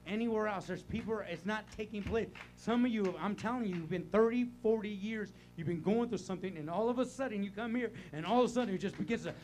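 An older man preaching a sermon in a church, animated, rising to shouts and dropping to quiet talk. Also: high-pitched, fast talker, few pauses. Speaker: pastor. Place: church sanctuary.

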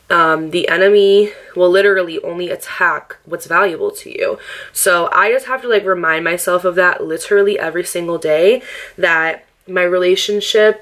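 A young woman talks to her camera in a casual, candid chat, her voice sitting a little low for a woman. She is upbeat and affectionate, laughs often, fills her talk with "like" and swears freely. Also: fairly bright tone. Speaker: lifestyle vlogger. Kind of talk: casual get-ready-with-me chat.

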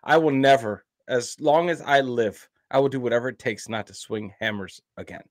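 A man's voice: medium pitch, moderate pace, no room sound, studio quality. An American man co-hosting a reaction video, talking casually with emphatic opinions. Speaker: reaction channel co-host.

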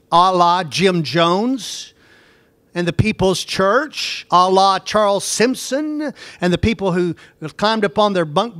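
Male Bible teacher, high voice, emphatic and repetitive, dry close sound. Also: a bit bright, no echo. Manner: emphatic, repeats points, asks pointed questions. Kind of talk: classroom Bible lecture.

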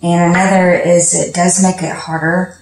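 A woman's voice: on the low side, flat delivery, moderate pace, a little mellow, slight background noise. A woman hosting a home cooking video, chatting casually and laughing often as she cooks. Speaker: cooking show host. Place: home kitchen. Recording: echoey kitchen with music.

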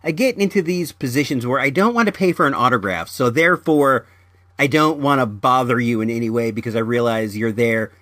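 A man hosts a podcast in a mid-pitched, everyday voice, chatting loosely and stumbling over his words, often saying them twice before he goes on. The sound is close and dry, with no room echo. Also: pushed and bright. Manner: halting, repeats words, rambling. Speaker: podcast host. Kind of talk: casual chat.

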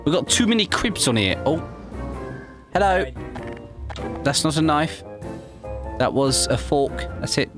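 An English man bantering cheekily through a game session, his voice sitting a little high. It swings up and down with lively energy as he jokes with other players, with clear music under it. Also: unhurried, pauses often. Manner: cheeky, joking, calls people mate and son. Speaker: gaming YouTuber. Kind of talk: playful gameplay commentary and roleplay chat.

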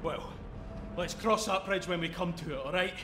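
A man plays a composed rig supervisor who gives clear orders. His voice is slightly higher, with a roomy echo. A noisy mix runs beneath it. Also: normal speed, lightly acted. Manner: instructive, steady. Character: calm male rig supervisor giving orders. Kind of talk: video game voice acting.

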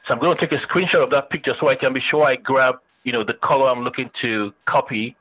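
A man's voice: medium pitch, fairly even intonation, fast talker, fairly bright tone, dull audio. A man teaching a web design class, chatting and thinking aloud as he demonstrates on screen, with the odd joke for his students. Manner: joking with students. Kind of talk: casual screen-share lecture.

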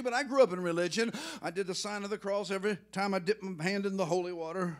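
A male pastor preaching a sermon in a church, emotional and excitable, rising to loud outbursts. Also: high-pitched, fast. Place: church sanctuary.

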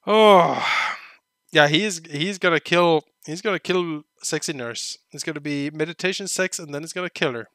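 A man narrates a game as he plays, reading its text aloud between his own joking remarks and the odd outraged outburst. His voice is bright and sharp, pitched a little high for a man. The recording is dry and close, with no room sound. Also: moderate pace, no room sound. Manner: reads in-game narration aloud with joking asides, bursts into loud outraged shouts. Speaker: let's play commentator.

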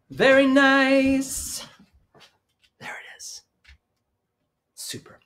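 A man leads a young children's music lesson from his home, speaking at an unhurried pace into a microphone on a stand. He is playful, breaking into a silly sing-along tune between short explanations. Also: sits high, huge pitch swings, a bit bright. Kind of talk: live-streamed kids' music lesson with singing.

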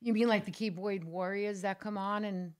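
A woman's voice: medium pitch, fairly even intonation, normal speed. A woman guest in a casual chat, chatty and asking questions.

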